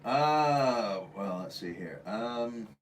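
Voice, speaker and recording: Man in his 40s, dry and low-key comment reader, off-mic with faint hiss. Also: lively intonation, drawn-out words, far from the mic. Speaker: co-host reading viewer comments. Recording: off-mic with faint background noise.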